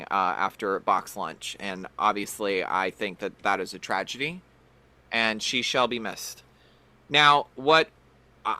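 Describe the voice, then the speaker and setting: A man's voice: medium pitch, bright, forceful tone. A man hosting a podcast, chatting playfully and animatedly about pop culture. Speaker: podcast host. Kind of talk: casual pop-culture chat.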